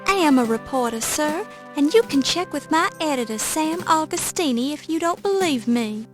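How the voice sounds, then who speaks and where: A woman's voice: sits high, lively intonation, moderate pace, music in the background. An actress playing a young, determined woman newspaper reporter in a video game, polite but firm. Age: young adult.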